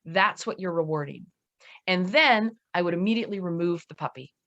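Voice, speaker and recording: A middle-aged woman, a dog trainer giving a seminar lecture, lively and emphatic, speeding up when she gets going. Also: on the low side, muffled recording. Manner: lively, emphatic, talks fast at times.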